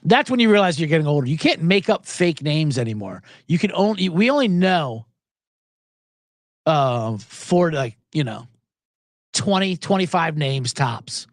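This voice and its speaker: Animated, rambling male betting show host. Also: fairly high pitch, a little slow, no room sound, studio quality. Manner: animated, rambling and profane, with many restarts. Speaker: sports betting podcast host. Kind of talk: casual chat.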